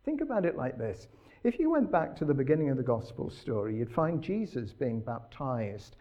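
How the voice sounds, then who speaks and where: A man's voice: mid-range voice, sing-song, normal speed, lo-fi sound. A man preaching a sermon in an earnest, emphatic way, putting rhetorical questions to his listeners.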